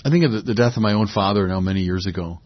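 A man's voice: on the low side, very fast, dry recording, dull audio. A man giving a sermon, reflective and rising to emphatic peaks. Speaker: preacher.

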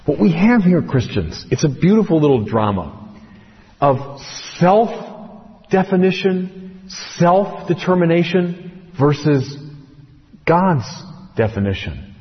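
Animated male preacher in a big hall. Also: fairly high pitch. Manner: animated storytelling, dramatic pauses and slowed emphasis. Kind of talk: sermon. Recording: muffled with long hall reverb.

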